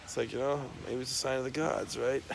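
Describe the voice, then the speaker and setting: A man in a middle-pitched voice with a rough, gravelly fry wanders from thought to thought without a script, swearing constantly. His talk is an unscripted monologue, loose and meandering. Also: fairly even intonation, quick pace, crowd noise. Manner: rambling, profane stream of talk.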